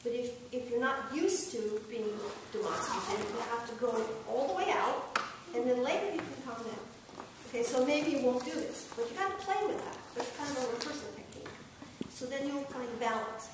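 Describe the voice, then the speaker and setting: A woman's voice: fairly high pitch, a little fast. A woman coaching a singer through a lesson, talking in an encouraging, demonstrative way and sometimes singing examples. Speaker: vocal coach. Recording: echoey room from a distance with noise.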